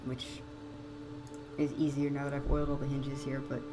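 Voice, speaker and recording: A woman's voice: very deep voice, level tone, normal speed, over music, low-quality recording. A woman giving casual, wry gameplay commentary with chatty, sarcastic asides. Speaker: let's play host.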